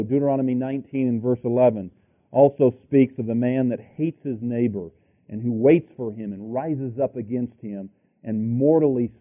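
A man preaching a sermon, reading scripture aloud and thinking aloud between verses with halting restarts. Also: mid-range voice. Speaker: pastor. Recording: tinny lo-fi sermon tape.

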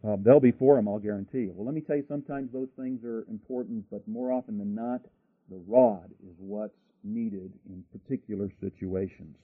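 A man with a fairly low, breathy voice at normal speed preaches emphatically, asking rhetorical questions, going off on asides and often starting over. The recording is dry, in the manner of a tinny radio broadcast.

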